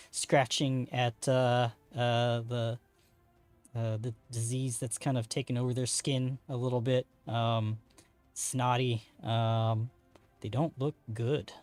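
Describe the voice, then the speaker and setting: Male game master, mid-pitched, halting narration full of fillers, faint music behind. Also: darkish tone. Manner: hesitant, filler-heavy narration.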